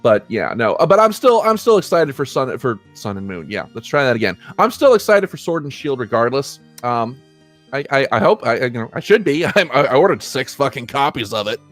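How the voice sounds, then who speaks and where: A man's voice: medium pitch, very animated, fairly quick, fairly bright tone, faint music behind. A young man hosting a casual podcast, rambling, restarting sentences and laughing often. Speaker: podcast host. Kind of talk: casual chat.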